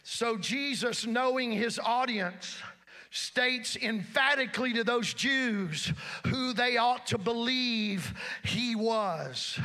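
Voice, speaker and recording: High, bright-voiced preaching man. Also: slow. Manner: emphatic preaching, building to shouts. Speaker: pastor. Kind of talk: sermon. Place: church service.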